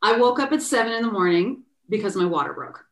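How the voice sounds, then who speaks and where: A woman actress telling a personal story as a podcast guest, lively, laughing often and acting out the voices of people she quotes. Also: medium pitch, quick pace, echoey room. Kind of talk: animated storytelling in a podcast interview.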